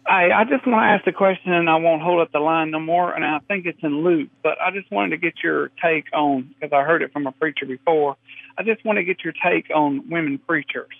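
A man's voice: on the high side, a little fast, vocal fry, no room sound. A man calling in to a radio show, asking his question in a polite, earnest, slightly rambling way. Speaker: caller. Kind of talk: call-in question. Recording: tinny phone line.

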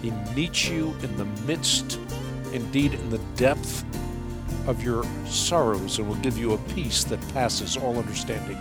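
A man hosting a call-in radio show, teaching in an earnest, measured, devotional way. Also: medium pitch, over loud music.

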